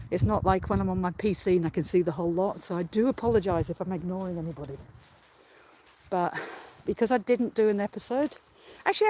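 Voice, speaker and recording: Holding a phone while walking outdoors up a hill near a ruined castle, this Australian live-streamer chats in a rambling, casual way. The host has a mid-range, slightly mellow voice, laughs frequently and is short of breath.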